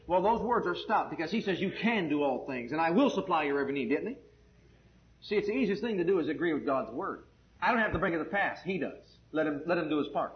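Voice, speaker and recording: A fervent man with a notably high voice preaches a sermon, swinging between hushed asides and loud, ringing proclamations. The recording is echoey and muffled, with a dull lo-fi sound.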